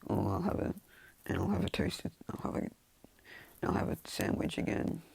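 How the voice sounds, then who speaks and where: Man voicing a deep, gravelly, nonchalant teen boy, flat lazy mumble. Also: moderate pace, no echo, full character voice. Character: laid-back teenage boy, nonchalant and unbothered.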